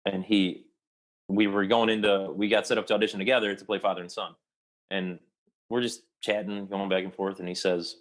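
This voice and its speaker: Young man, very low voice, rambling storyteller, interview guest. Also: flat delivery. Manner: rambling, with many restarts and pauses.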